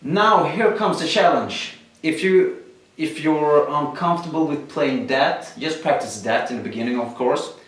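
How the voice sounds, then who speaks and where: A man's voice: on the high side, unhurried, fairly bright tone, slight background noise. A man teaching a drum lesson, explaining exercises step by step with frequent fillers. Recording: echoey room, mic at a distance. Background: drums played between explanations.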